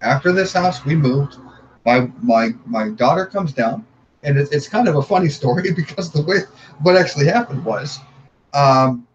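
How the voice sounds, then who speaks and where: A man telling paranormal stories in casual conversation, halting and repeating words as he goes. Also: fairly high pitch, lively intonation. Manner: halting, repeats words, acts out family dialogue. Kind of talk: casual storytelling. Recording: dull lo-fi sound, faint noise.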